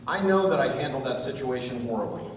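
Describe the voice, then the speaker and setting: Animated groom telling a story in an echoey hall. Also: male voice, medium pitch, fast. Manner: animated, self-mocking storyteller. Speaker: groom giving a wedding speech. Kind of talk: comedic storytelling speech. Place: large reception hall. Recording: echoey hall, voice from far off, audible room noise.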